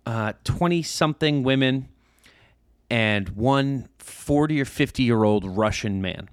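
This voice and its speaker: A man's voice: medium pitch, no room sound, studio quality. A man in his thirties, a podcast co-host, telling a casual story and acting out the people in it. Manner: animated storyteller, acts out overheard voices.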